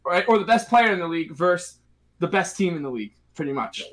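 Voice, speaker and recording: Bright high-voiced man chatting sports. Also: fast talker, a little hiss or hum. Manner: excitable, laughs often, repeats words for emphasis. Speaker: podcast co-host. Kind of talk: casual sports chat.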